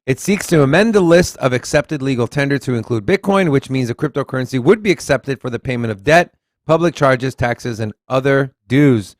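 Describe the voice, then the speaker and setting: Animated Texan man reading crypto news. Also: mid-range voice, fairly quick, dry recording, studio quality. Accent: Southern US. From Texas. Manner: animated, reads articles aloud, swears casually. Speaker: podcast co-host. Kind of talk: casual crypto news chat.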